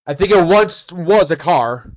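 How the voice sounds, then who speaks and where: A man's voice: sits high, a little slow. A man on a casual podcast, telling a work story with lots of laughter and swearing. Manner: animated, laughs often, profane. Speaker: podcast host.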